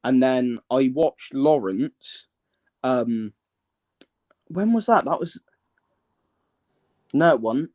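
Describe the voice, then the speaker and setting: A man's voice: mid-range voice, animated, slow pace, long pauses, lo-fi sound. A man, a guest in a casual live-stream interview, telling his story in a rambling, hesitant way and often checking that the listener is following.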